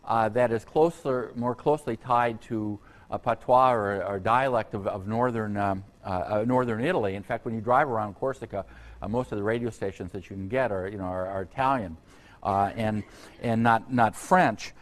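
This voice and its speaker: A man giving an unscripted university history lecture, halting often on fillers and restarts, with conversational asides to his students. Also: fairly low pitch. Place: lecture hall.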